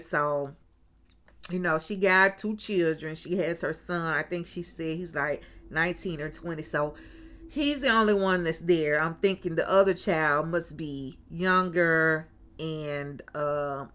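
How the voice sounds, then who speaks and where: A woman's voice: sits low, a bit bright. A woman hosting a casual recap of a reality TV show, acting out what people said and often turning to her viewers with asides. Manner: chatty storyteller with frequent asides to viewers.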